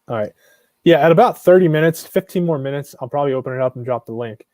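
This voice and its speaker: A man's voice: fairly high pitch, animated, quick pace, a little mellow, no room sound, clean studio sound. A man hosting a casual live stream, talking bluntly and rambling with frequent restarts and some swearing.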